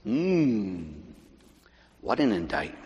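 A middle-aged man, a pastor, preaching a sermon in a large church, animated and shifting between loud emphasis and hushed asides. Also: on the low side, takes it slowly, lo-fi sound. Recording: reverberant church.

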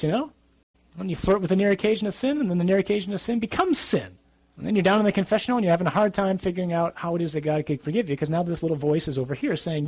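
Husky-voiced priest giving a blunt talk. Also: male voice, sits high, lively intonation, fast talker, no room sound. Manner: conversational, blunt and emphatic, with dry humour. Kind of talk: religious talk to young adults.

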